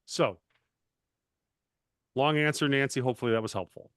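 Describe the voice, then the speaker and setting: A man and coach talking casually on a panel, animated and self-deprecating, often restarting his sentences. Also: mid-range voice, moderate pace, smooth, dry recording, studio quality. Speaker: master certified coach.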